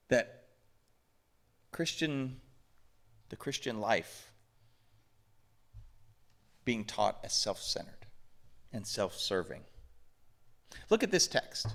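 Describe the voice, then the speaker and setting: In a church sanctuary, a pastor from the southern United States delivers a conversational sermon to his congregation, packed with emphatic rhetorical questions. His voice is medium in pitch with a fairly bright tone.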